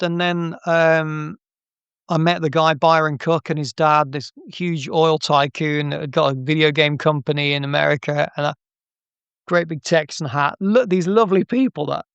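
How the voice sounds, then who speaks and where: A middle-aged game artist appears as an interview guest, telling anecdotes chattily with frequent restarts and laughs in casual interview storytelling. His voice is a little high and gravelly, fairly bright and clean, on a dry recording.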